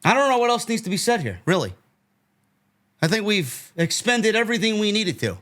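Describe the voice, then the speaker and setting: A man with a New York accent tears into a heated podcast rant. His voice sits very high and swings widely, with a bright, sharp edge. The talk is profane and angry, and it climbs toward shouts. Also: big pitch swings, brisk. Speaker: podcast host.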